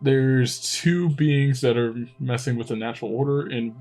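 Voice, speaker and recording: A man's voice: medium pitch, fairly even intonation, normal speed, mellow, soft background music. A man playing a tabletop game, asking questions in a hesitant way with many ums. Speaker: player.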